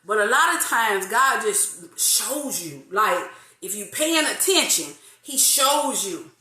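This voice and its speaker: A woman in her forties hosting a casual faith talk, lively, laughing often and drawing out some phrases. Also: mid-range voice, slow, roomy sound. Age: 40s. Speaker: host of an online faith talk.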